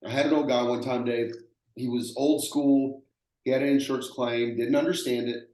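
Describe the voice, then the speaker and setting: A man's voice: mid-range voice, steady tone, moderate pace, a little mellow. Plainspoken Texan man in an echoey room. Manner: earnest, plainspoken, repeats himself and acts out quoted voices. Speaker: roofing contractor, guest. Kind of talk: conversational storytelling.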